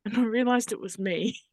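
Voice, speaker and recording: An Australian woman, a hypnosis trainer, telling her personal story as a podcast guest in a frank, earthy, animated way. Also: a little high, breathy edge, dry recording.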